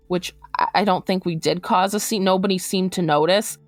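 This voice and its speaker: Woman telling a painful story, low voice. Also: steady tone, dry recording, soft background music. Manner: quick, emotional storytelling, acting out quotes. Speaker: interviewee recounting her story. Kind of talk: personal testimony, podcast.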